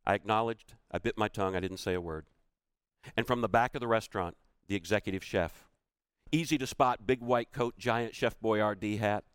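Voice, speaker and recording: A man's voice: on the low side, normal speed, clear, resonant tone, no echo. A middle-aged man giving a storytelling keynote talk, acting out the quoted voices of the people in his story. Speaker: keynote speaker.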